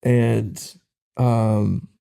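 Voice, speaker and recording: A young man, a podcast guest, casually telling a personal story in an emotional, halting way with slang. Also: fairly low pitch, level tone, vocal fry, warm tone, clear, resonant tone. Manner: casual, uses slang like "bro".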